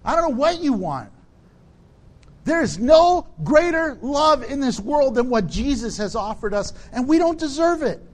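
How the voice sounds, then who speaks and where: High-pitched preacher man, slow and animated. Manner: animated preaching, acts out quoted people in a high shout. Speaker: pastor. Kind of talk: sermon.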